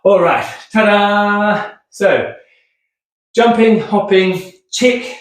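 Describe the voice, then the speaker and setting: A physio instructor with a high voice speaks extremely slowly while demonstrating rehab exercises on a hard floor, upbeat and chatty, repeatedly asking "okay" and getting out of breath. The mic is distant and the room echoes.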